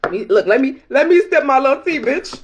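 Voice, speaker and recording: A woman's voice: sits high, sing-song, fast, a little hiss or hum. A woman tarot reader in a casual vlog, talking bluntly and emphatically, swearing freely and laughing often.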